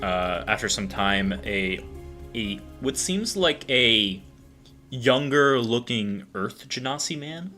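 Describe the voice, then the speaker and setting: Bright-voiced young game master. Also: male voice, mid-range voice, lively intonation, takes it slowly, faint music behind. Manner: casual, lots of fillers. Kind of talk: narrating a tabletop game.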